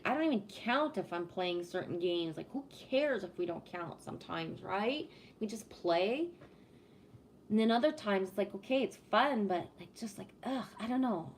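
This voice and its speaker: A woman chatting casually on a live stream, reading viewer comments and ranting with plenty of swearing. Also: slight background noise. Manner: swears a lot, rants with rising pitch; talks to chat, reads comments aloud.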